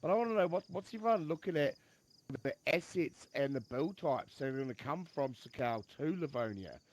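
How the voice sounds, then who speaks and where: A man's voice: on the high side, lively intonation, a little fast, muffled recording. A man on a podcast panel, raising a thoughtful, rambling question in casual chat.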